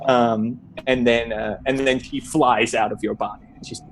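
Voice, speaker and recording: A man running a tabletop game as dungeon master, narrating in a relaxed, halting way with many fillers and laughs. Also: mid-range voice.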